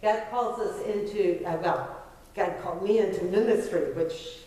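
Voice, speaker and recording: In a very echoey church sanctuary, captured from a distance, a middle-aged woman pastor preaches a sermon. Her warm, lowish voice moves at a moderate pace, conversational and self-deprecating, as she presses her points with emphasis.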